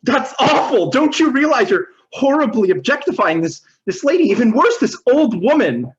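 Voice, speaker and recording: A man's voice: very high voice, big pitch swings, normal speed, muffled recording. A man playing an exasperated, straight-laced American guy who keeps protesting in disbelief. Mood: incredulous. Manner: incredulous, protesting.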